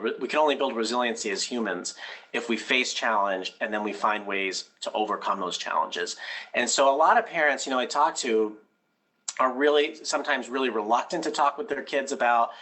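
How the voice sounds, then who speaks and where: Bright-voiced man explaining as a guest. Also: medium pitch, normal speed, low-quality recording. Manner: earnest, many restarts, keeps adding "right?"; explains through personal stories. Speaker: education expert guest, head of a school. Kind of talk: conversational interview answers.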